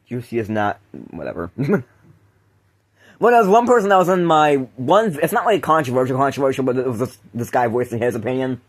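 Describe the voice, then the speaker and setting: A man's voice: mid-range voice, big pitch swings, normal speed, pauses often. A man hosting a casual podcast chat, rambling with frequent laughs and restarted sentences. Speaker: podcast host.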